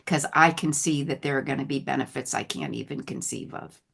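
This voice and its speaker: A woman telling her recovery story in a candid, animated conversational way, laughing often and going soft when moved. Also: extremely low pitch, brisk, gravelly, a little hiss or hum. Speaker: guest sharing recovery story.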